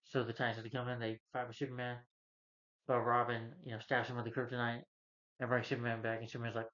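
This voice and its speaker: A man's voice: mid-range voice, completely flat delivery, quick pace, a bit bright. A man recapping a movie plot in a casual, rambling way, with many fillers. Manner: rambling, frequent "you know" fillers. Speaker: movie reviewer. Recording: dull lo-fi recording.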